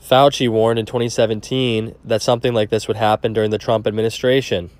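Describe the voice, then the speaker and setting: A man's voice: fairly low pitch, flat delivery, a little fast, a little mellow, dry recording. A man giving an insistent, preachy monologue to camera. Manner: earnest, insistent.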